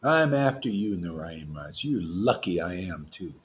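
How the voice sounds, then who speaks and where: A man, a spiritual teacher, giving an informal devotional talk, provocative and animated, swinging from loud bursts to hushed asides and laughing often. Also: sits low, normal speed.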